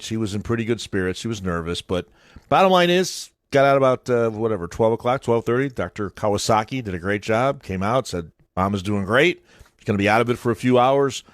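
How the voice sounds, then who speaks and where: A man's voice: fairly low pitch, no echo. A man hosting a morning radio show, chatting casually with a teasing, dry sense of humor. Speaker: radio host.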